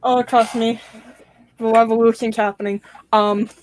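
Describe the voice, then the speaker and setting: A woman's voice: fairly high pitch, little pitch movement, measured pace, darkish tone, no echo. A woman chatting casually on a hobby livestream with a dry, joking manner.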